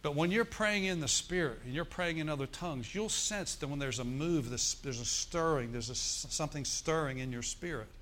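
A man's voice: fairly high pitch, fairly quick, few pauses, slight background noise. A male pastor preaching a sermon, telling stories and asking the congregation for responses. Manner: preaching with call-and-response asides; animated storytelling, acts out forced laughter.

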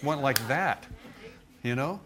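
A man's voice: medium pitch, expressive, slow pace, a bit bright. A middle-aged man preaching a sermon, telling a personal testimony in a conversational way and checking in with the congregation with frequent asides. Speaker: pastor.

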